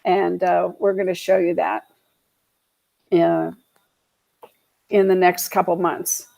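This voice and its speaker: A woman's voice: lowish voice, level tone, slow pace, creaky, warm tone, rough recording. A woman teaching an online class on a video call, reading statistics from her slides and adding casual asides. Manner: reads statistics aloud, then adds casual asides. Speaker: video marketing instructor for real estate agents.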